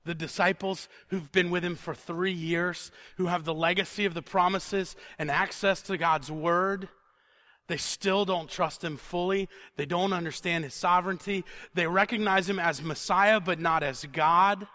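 A man preaching a conversational sermon who repeats words for emphasis and sinks to a quiet, intense tone on solemn points. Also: high voice, fairly even intonation, measured pace.

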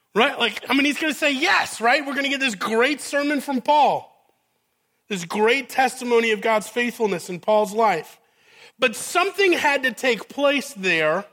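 Male pastor, chatty sermon delivery, high bright voice, keeps asking the room "right?". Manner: conversational, asks the audience "right?" often, dramatizes the scene.

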